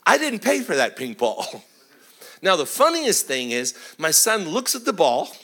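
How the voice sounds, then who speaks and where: Middle aged pastor guy telling stories in a sermon, lively voice that jumps all over. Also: fairly high pitch, a little slow. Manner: animated, chuckling, acts out voices. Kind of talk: sermon storytelling.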